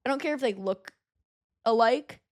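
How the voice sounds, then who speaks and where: A young woman co-hosting a comedy podcast, chatting loosely with quick asides and frequent laughter. Her voice sits on the higher side. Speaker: podcast co-host. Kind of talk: casual comedy podcast chat.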